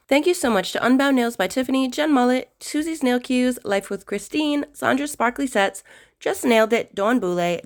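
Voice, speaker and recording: Young woman host for a nail tutorial, casual and rambling, very animated pitch, faint background music. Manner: rambling and chatty, with many fillers and repeated words for emphasis; talks to her cat in a high squeaky voice. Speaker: nail art channel host. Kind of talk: casual chatty tutorial narration.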